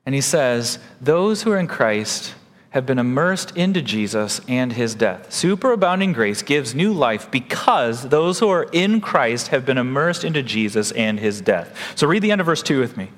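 A man preaching a sermon, animated and emphatic, his pitch swinging widely as he stresses points. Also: moderate pace, big-room sound. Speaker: pastor.

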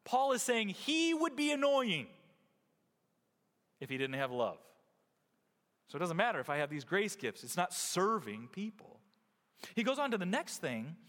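A man preaching a sermon as pastor, swinging from loud emphasis down to quiet, close remarks. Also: high voice, long reverb tail. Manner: expressive preaching, rising and dropping to near quiet.

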